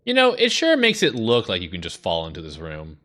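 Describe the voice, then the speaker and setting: Lowish-voiced streamer dude, swearing and griping at the game, voice jumps all over the place, kinda bright and edgy. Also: male voice, huge pitch swings, a little fast. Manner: profane, exasperated running commentary. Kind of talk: live gameplay commentary.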